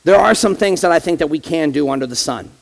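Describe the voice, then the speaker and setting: A man's voice: on the high side, lively intonation, quick pace, vocal fry. A man, an associate pastor, preaching a conversational sermon in church and addressing the congregation directly with rhetorical questions.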